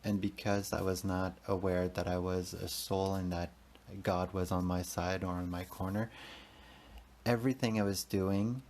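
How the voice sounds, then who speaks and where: Man, thirties, podcast host, solo confessional talk, low pitch, profane, rambling. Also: level tone, moderate pace, a little mellow. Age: 30s. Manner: rambling, profane, emotional, talks to himself.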